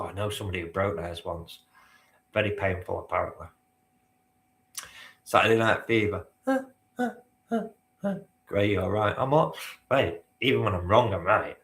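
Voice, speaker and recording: A man hosts a live-stream quiz as quizmaster, bantering with the chat and swearing now and then. His voice is fairly low and fairly bright, in an echoey room.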